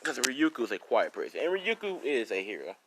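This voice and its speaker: A man's voice: mid-range voice, very animated, a little fast, a bit bright. A man telling an improvised fan story in a casual, rambling way with many restarts.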